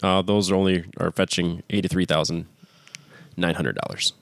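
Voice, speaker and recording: A man with a low voice, recorded close and dry, co-hosting a casual podcast. He explains details in a matter-of-fact, informative way. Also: fairly even intonation, normal speed, no room sound. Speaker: podcast co-host. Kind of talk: casual chat.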